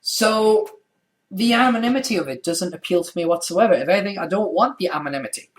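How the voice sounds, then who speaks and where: A man's voice: high voice, quick pace, slight background noise. A young man co-hosting a casual podcast, brash, sweary and self-mocking. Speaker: co-host.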